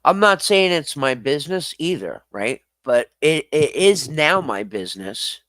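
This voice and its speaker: A man's voice: a little high, big pitch swings, unhurried, fairly bright tone, dry recording. A man streaming live, reading chat comments aloud and answering them bluntly. He swears freely, laughs often and talks straight back to his viewers.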